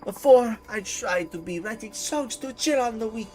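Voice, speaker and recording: A woman's voice: a little high, expressive, normal speed, darkish tone, voice pushed up, natural voice, poor audio. A woman voicing a grandiose foreign pop diva who speaks broken, inverted English in a put-on French accent, with a dramatic, flowery manner. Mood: earnest.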